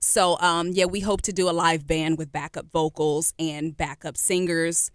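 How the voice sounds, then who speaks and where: A woman singer talks with a radio host in the studio, animated and encouraging, with plenty of fillers. Her voice sits on the low side. The sound is dry and close. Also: normal speed, clear, resonant tone, no room sound. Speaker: R&B singer, interview guest. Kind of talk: casual radio interview.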